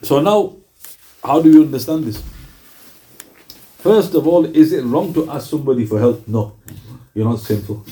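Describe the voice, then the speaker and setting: A man's voice: medium pitch, normal speed, pauses often, warm tone. A man with a British accent giving a sermon in a conversational style, often asking his audience questions. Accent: British English. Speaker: Islamic preacher.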